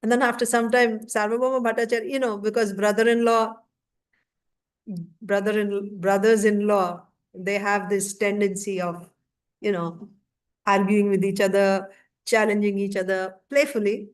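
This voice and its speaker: A woman teaches a scripture class, retelling a story conversationally with lots of fillers and lively quoted asides. Her mid-range voice moves at a moderate pace and has a clean tone.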